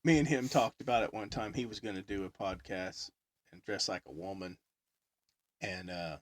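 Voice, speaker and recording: This middle-aged podcast co-host has a low voice and talks at a normal speed, recorded close and dry. He rambles through anecdotes in casual chat, laughing often and acting out quotes.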